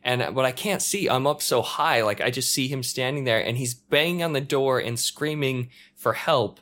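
Casual man telling an animated story. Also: mid-range voice, normal speed. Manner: animated storytelling, acting out shouts and quotes. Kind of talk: casual chat. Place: apartment in a multi-story building.

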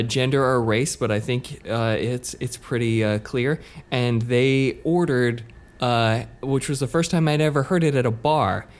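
A man co-hosting a podcast, telling a story in a loose, rambling way with lots of fillers and joking asides. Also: medium pitch. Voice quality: swears casually. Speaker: podcast co-host. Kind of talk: casual podcast chat.

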